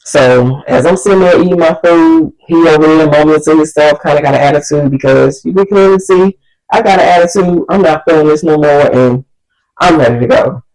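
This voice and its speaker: A woman vlogger telling a story in an animated, exasperated way. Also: deep voice, a little fast, low-quality recording. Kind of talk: storytime vlog.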